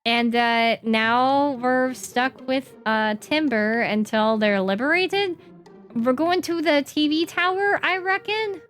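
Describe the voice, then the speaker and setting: A woman streamer chatting casually while she plays a game, playful and quick to swear. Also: high-pitched, fairly bright tone, faint music behind. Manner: playful, swears, reads game dialogue aloud. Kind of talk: casual gaming stream commentary.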